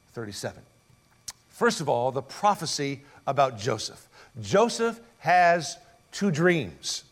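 A man preaching a sermon in a fairly high voice. He is emphatic, drives his points home and puts rhetorical questions to the congregation. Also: a bit bright. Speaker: pastor. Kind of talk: expository sermon.

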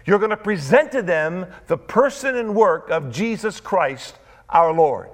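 A male pastor preaching a sermon with an emphatic, repetitive cadence and dramatic pauses. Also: sits high, animated.

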